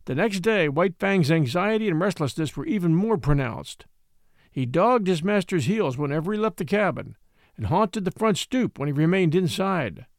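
A man reading a classic novel aloud in measured storytelling style. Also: high voice, expressive, no echo, studio quality. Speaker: audiobook reader.

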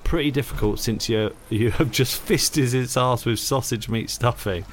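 Teasing podcast co-host. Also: male voice, mid-range voice, moderate pace, slight background noise. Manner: teasing, animated storyteller. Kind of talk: casual podcast chat.

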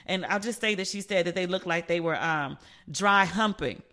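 A woman's voice: on the low side, moderate pace, bright, forceful tone. A woman hosting a casual solo podcast, telling stories in a playful, chatty way and acting out the voices of the people she quotes. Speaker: podcast host.

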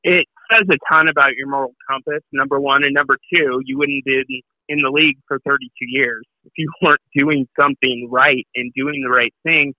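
A man's voice: mid-range voice, steady tone, moderate pace, dry recording. A man hosting an interview, earnestly asking a guest about his ethics on air. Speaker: podcast host. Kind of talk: interview questions. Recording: dry, tinny phone-like line.

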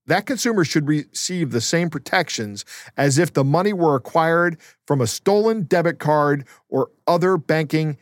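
A man's voice: on the high side, lively intonation, moderate pace, no room sound, studio quality. A man co-hosting a podcast in casual chat, talking loosely with fillers and laughs. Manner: conversational, with frequent fillers and laughs. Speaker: podcast co-host.

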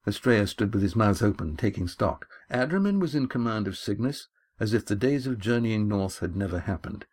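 Low-voiced man reading his own novel. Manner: measured, steady storytelling. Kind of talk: audiobook narration.

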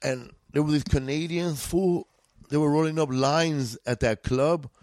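Slangy, profane LA comedian. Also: male voice, a little high, a little slow, a little mellow, no echo. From East Los Angeles. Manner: profane, laid-back, drawling street slang. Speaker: guest comedian. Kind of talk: casual storytelling.

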